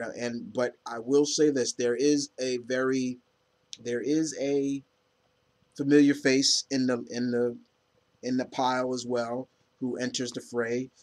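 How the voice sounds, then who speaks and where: Male comics reviewer, mid-pitched, rambling and opinionated, casual fan chatter.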